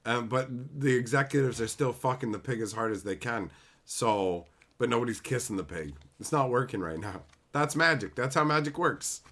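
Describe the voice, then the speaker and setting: A male livestream host rants casually, swearing freely and mocking what he talks about. His voice has a bright, forward edge that sits in a middle pitch. He keeps the tone loose and animated. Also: normal speed. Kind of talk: casual ranting chat.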